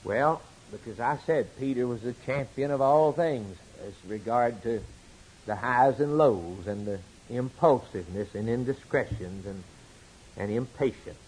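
A man preaching a sermon, swinging from loud emphatic declarations to quiet asides. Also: mid-range voice, a little slow, a little hiss or hum, low-quality recording.

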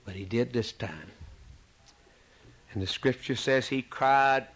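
A man preaching a sermon, swinging from loud, soaring rises to hushed, quiet drops. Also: medium pitch, takes it slowly, pauses often, breathy edge, rough recording.

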